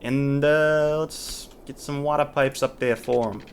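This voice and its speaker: A man's voice: fairly high pitch, steady tone, measured pace, a little hiss or hum. A man hosting a let's play, talking casually as he thinks aloud, restarting sentences and trailing off, with mild exasperation. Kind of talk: casual gameplay commentary.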